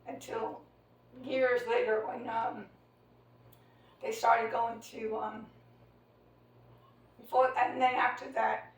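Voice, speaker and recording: A woman in her sixties talks through an old family memory, rambling and hesitant with many fillers and restarts. Her voice sits fairly high. She sounds distant from the mic, in an echoey room. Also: level tone, slow pace, pauses often. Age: 60s. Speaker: storyteller recounting family memory. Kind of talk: casual family conversation.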